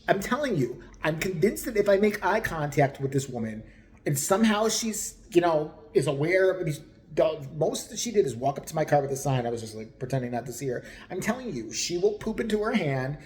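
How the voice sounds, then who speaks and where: A vlogger ranting through a storytime in an animated, profane, exasperated way. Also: mid-range voice, slight background noise. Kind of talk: storytime rant.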